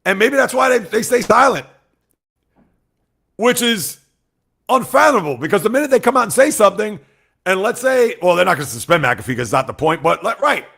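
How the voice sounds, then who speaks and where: A man runs a casual sports livestream and talks straight to his chat. His voice sits a little high with a gravelly edge. He swings between loud outbursts and quiet asides. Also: lively intonation, fairly quick, long pauses. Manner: talks straight to chat, reads out viewer comments.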